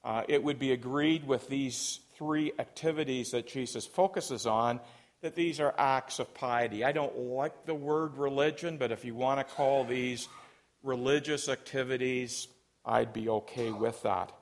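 A man's voice: mid-range voice, a little slow, slight background noise. A man preaching a sermon as pastor, emphatic and leading his congregation in call and response. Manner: emphatic, rising to loud peaks.

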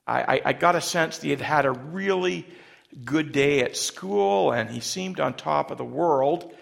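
A man preaching a sermon in a halting way, often repeating words as he starts a phrase. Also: medium pitch, vocal fry, fairly bright tone. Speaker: pastor.

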